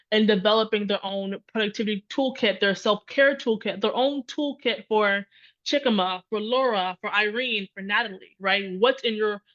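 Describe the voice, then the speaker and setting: A woman's voice: medium pitch, fairly bright tone. Encouraging woman on a dull lo-fi line. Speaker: panel guest. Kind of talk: reflective panel talk. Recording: dull lo-fi sound.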